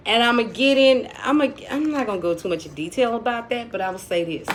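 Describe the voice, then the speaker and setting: A woman's voice: fairly high pitch, animated, fast talker, noisy background. Blunt, profane woman telling a story. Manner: blunt, profane and chatty, with dramatic asides. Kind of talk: casual storytime vlog.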